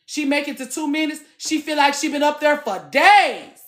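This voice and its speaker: A woman in her late thirties, chatting casually to her viewers from the gym. She talks in an animated way, swings between loud and soft, and swears freely. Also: high-pitched, moderate pace. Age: late 30s. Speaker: vlogger. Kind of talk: casual chat to camera.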